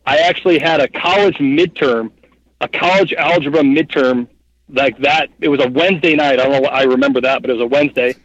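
A man in his thirties telling a long story as a guest in an interview, rambling and animated, with lots of fillers. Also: medium pitch, brisk, no room sound, highs cut off. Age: 30s. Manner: rambling, animated, heavy with fillers like "like" and "you know what I mean". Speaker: guest, hunting guide and cameraman.

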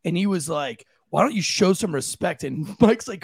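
A man's voice: high-pitched, lively intonation, normal speed, slight background noise. A man hosting a podcast, chatting casually, telling stories with laughter and plenty of swearing. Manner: laughing, storytelling, swears freely. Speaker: podcast host. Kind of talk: casual chat.

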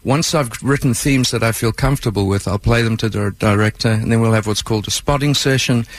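A man's voice: mid-range voice, a little fast. A man with a South African accent, a musician and film composer, explaining his work at length in a radio interview.

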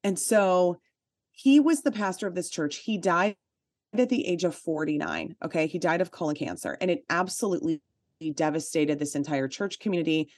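A woman with a fairly low voice shares a personal story as a podcast co-host. Her talk is chatty and full of "like" fillers, with emphatic asides. The sound is dry and close, with no room echo. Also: moderate pace, darkish tone. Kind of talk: casual chat, personal storytelling.

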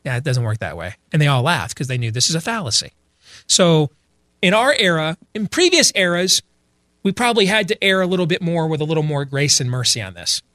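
A man's voice: a little high, sing-song, a little fast, pushed and bright, no room sound, clean studio sound. A middle-aged man giving blunt, opinionated religious commentary, emphatic, often restarting and repeating himself. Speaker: speaker addressing an audience.

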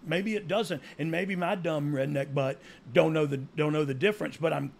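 A man with a drawl talks in loose, rambling podcast chat, often restarting his sentences and running himself down. His voice sits fairly high and has a gravelly, fried edge. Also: steady tone, moderate pace, slight background noise. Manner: rambling, self-deprecating, drawling, frequent restarts. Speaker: podcast co-host, former wrestling insider. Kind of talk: casual chat.

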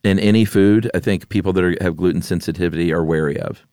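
A laid-back man with a fairly low voice, co-hosting a podcast and chatting casually. He laughs easily and keeps it loose. The recording is dry and close. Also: fast talker, darkish tone, dry recording. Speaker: podcast co-host. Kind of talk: casual chat.

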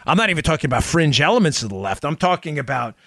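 Male talk host, sarcastic and mocking, pitched a little high, swings from loud jabs to quiet asides. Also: big pitch swings, fast, vocal fry, no echo, clean studio sound. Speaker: political talk show host. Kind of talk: opinionated commentary.

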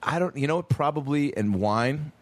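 A man's voice: a little high, lively intonation, moderate pace, no echo. A man co-hosting a podcast, trading crude jokes and laughing often in casual banter.

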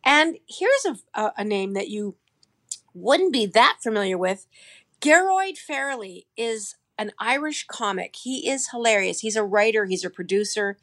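A woman's voice: medium pitch, very animated, a little slow, fairly bright tone. A woman introducing guests at the start of a show, upbeat. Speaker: host.

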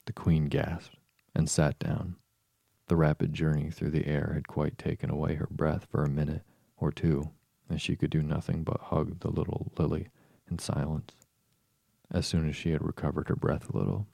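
A man narrating a storybook audiobook in a steady, measured reading. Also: extremely low pitch, creaky, dry recording.

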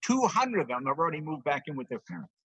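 An older man in his seventies rattles off one-liners and tells a long joke as a guest. His voice sits high and bounces around a lot, with a bright, slightly husky edge. The sound is dry and close. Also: big pitch swings, low-quality recording. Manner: rapid one-liner delivery, playful. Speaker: comedian guest. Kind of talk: joke-telling banter.

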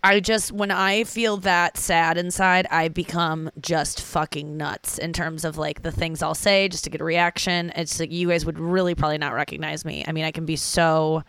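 A woman's voice: deep voice, fairly bright tone, smooth, no echo. A young woman talking candidly from her bed after crying, rambling and mocking herself. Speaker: vlogger. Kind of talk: confessional casual talk to camera. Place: in bed at home.

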